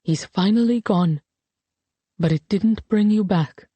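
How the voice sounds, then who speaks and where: A woman reads as an older woman haunted by old wartime loss, quiet and inward in an audiobook. Her tone is dark and mellow, recorded dry and close. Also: medium pitch, takes it slowly, husky, dry recording. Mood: quietly grieving.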